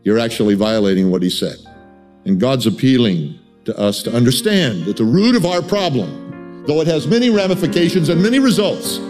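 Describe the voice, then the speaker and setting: An impassioned male preacher delivers his sermon, climbing into soaring, pleading tones and dropping back low. He stumbles over quick restarts as he presses his point. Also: sing-song, darkish tone, soft background music. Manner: impassioned, voicing God's pleas in a higher, pleading tone; stammers on restarts.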